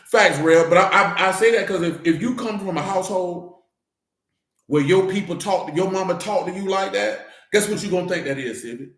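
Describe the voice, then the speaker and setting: A man's voice: sits high, moderate pace, a bit bright, echoey room. A man, preaching informally and emphatically, talking straight to the congregation. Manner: emphatic, conversational, addresses congregation directly. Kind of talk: informal church teaching. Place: church.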